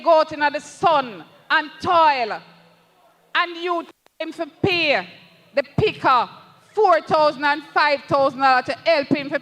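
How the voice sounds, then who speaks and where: A high, bright Jamaican voice gives a political rally speech, impassioned and emphatic, pressing each point to the leader beside them. The words come slowly and deliberately. The sound rings through a long, echoey reverb. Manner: impassioned, slow and emphatic, repeatedly addresses the party leader. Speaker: parliamentary candidate at a party rally.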